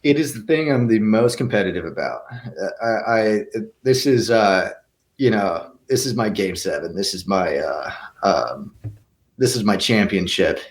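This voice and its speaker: A young man gives earnest answers in a casual interview, his voice sitting a little low. He often trips over his first words and starts again before the thought comes out. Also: expressive, measured pace. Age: young adult. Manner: earnest, with many restarts and stammered repeats. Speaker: guest actor.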